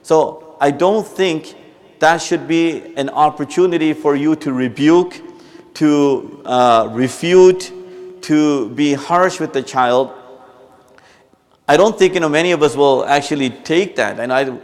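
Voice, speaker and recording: Male religious teacher, somewhat high pitch, chatty sermon delivery that acts out everyday examples. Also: slow. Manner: conversational, explains with acted examples and repeats himself. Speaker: mufti giving a Friday talk. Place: mosque.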